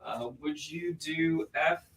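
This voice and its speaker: A man co-hosting a live comic sale, relaxed and often laughing along while passing on viewer comments. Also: fairly high pitch, slow. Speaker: co-host reading viewer chat. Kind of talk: casual live-stream chat. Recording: distant mic.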